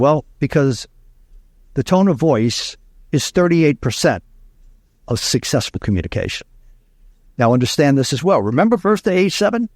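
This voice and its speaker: A man's voice: on the high side, darkish tone, no room sound, clean studio sound. A man from Louisiana, a speaking coach telling stories in an interview, emphatic and repeating key lines. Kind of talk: interview storytelling.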